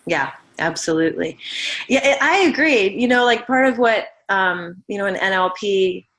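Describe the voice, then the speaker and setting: A woman's voice: medium pitch, expressive, moderate pace, a bit bright. A woman hosting a podcast interview, chatty and rambling as she frames her questions. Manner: chatty, rambling, many fillers. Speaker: podcast host.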